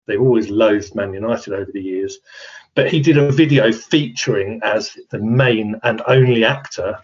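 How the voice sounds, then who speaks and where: A husky-voiced man trades jokes and chatty banter as a podcast co-host. The recording sounds dull and slightly lo-fi. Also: lowish voice, moderate pace. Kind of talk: casual chat.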